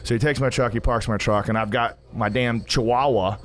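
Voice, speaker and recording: A man's voice: medium pitch, fairly even intonation, brisk. Profane, laughing man telling a story. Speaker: podcast co-host. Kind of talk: casual chat, storytelling. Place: gym coffee bar.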